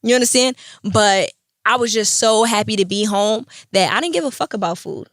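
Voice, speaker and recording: A young woman hosting a podcast, telling her story in a casual, animated and profane way, often acting out the voices of others. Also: mid-range voice, normal speed, dry recording, clean studio sound. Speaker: podcast host.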